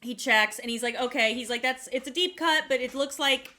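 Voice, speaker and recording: Young woman co-host, bright and slightly high voice, lively self-mocking storyteller. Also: brisk. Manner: animated, self-mocking, acts out quotes. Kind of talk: casual storytelling chat.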